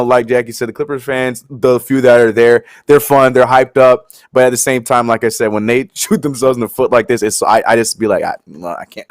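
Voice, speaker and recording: A man hosting a casual sports talk segment, animated and joking as he talks. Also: medium pitch. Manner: animated, laughing, joking asides. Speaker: sports show co-host.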